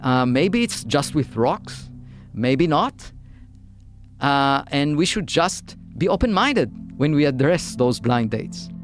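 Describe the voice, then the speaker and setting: A man, a physicist guest, talking through an interview with many pauses, fillers and restarts. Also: fairly high pitch, animated, soft background music. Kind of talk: interview conversation.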